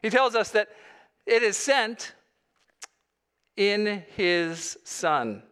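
A man's voice: high-pitched, expressive, drawn-out words, a bit bright, clear, resonant tone. A male pastor delivering a sermon, earnest, with rising emphasis on key phrases.

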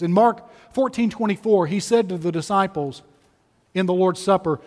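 High-voiced man preaching a sermon. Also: moderate pace, long reverb tail. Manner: emphatic storytelling, repeats key phrases. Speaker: pastor.

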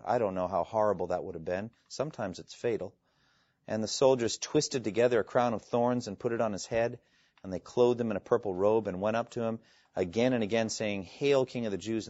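A man preaching a sermon, earnest and emphatic, quoting scripture and pausing for effect. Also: on the low side, a little mellow, no echo. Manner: earnest, emphatic, with dramatic pauses and quoted scripture. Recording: dull lo-fi, dry sound.

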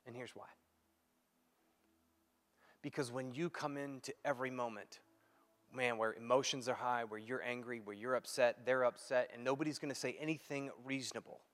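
A pastor preaching a sermon, acting out quoted dialogue and swinging between loud and hushed delivery. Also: male voice, medium pitch, normal speed, pauses often. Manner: animated, acts out quoted dialogue. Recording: long hall reverb.

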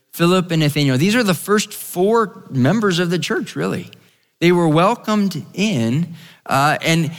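A man preaching a sermon in a slightly higher voice, talking loosely and conversationally while he acts out the lines of the story. His voice carries a long reverb from a large hall. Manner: conversational, repeats phrases and restarts.

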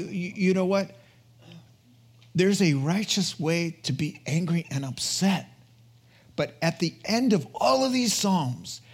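A man preaching a conversational sermon in an earnest, chatty way, often checking in with his listeners. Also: on the high side. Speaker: pastor.

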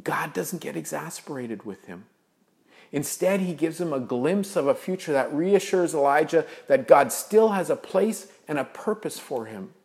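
A male pastor preaching a sermon, earnest, building to emphasis and then dropping soft. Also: a little high, expressive, moderate pace, gravelly.

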